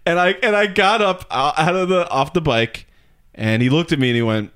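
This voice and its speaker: A man's voice: on the high side, quick pace, clear, resonant tone. A man co-hosting a podcast, telling comic stories with lots of laughter. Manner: animated storytelling, laughs often. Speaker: podcast co-host. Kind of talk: casual comedic chat.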